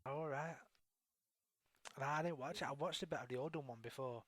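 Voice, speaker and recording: A man's voice: mid-range voice, fairly quick, a bit bright, no echo. A man from England, chatting in a laid-back, swearing way on a casual online radio show. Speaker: talk show guest.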